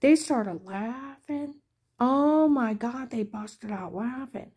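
A woman's voice: a little high, takes it slowly, darkish tone, husky. A middle-aged woman telling a rambling personal story in an aggrieved, indignant way. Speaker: vlogger.

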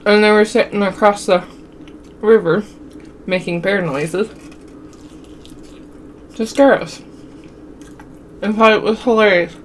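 A woman's voice: medium pitch, slow, long pauses, a little hiss or hum. A young woman from Wyoming telling a childhood story to her viewers in a chatty way, calling them y'all and laughing often. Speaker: mukbang vlogger.

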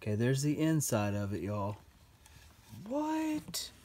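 Excited man unboxing finds. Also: mid-range voice, moderate pace. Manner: excited, chatty, drops into whispers. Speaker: storage unit buyer and vlog host. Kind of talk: casual unboxing commentary. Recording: noisy handheld recording with paper crinkling.

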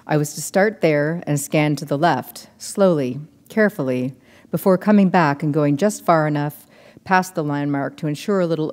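A woman novelist reading her book aloud in measured, steady narration. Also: deep voice, long reverb tail.

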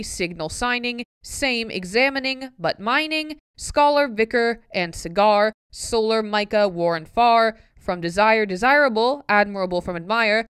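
A woman's voice: a little high, fairly bright tone, smooth, no room sound, clean studio sound. A woman vlogger reading a tricky pronunciation poem aloud, word by word, with puzzled, self-mocking asides in between.

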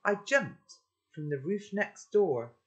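A man's voice: high-pitched, expressive, takes it slowly, pitched above the performer's own voice. Man playing a cocky rooftop boy, blunt, teasing, slightly raised voice. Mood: offhand.

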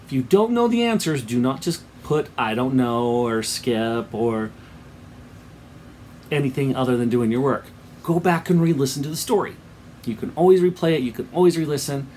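The speaker is a male teacher with a medium-pitched, slightly mellow voice who talks expressively at a normal speed. He reads a children's book aloud with flair, acts out the sound effects, then assigns work to the class, all against slight background noise.

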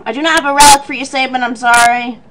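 A high-voiced woman doing excited let's play commentary, jumping from shrill cheers to mumbled asides as she reads game text. She swears freely and yells at the screen. A faint hiss sits under her voice. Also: fast talker.

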